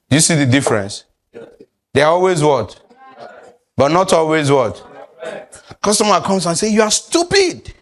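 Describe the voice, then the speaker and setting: A man, teaching a sales class and quizzing his audience. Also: fairly high pitch. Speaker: sales trainer. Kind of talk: classroom lecture.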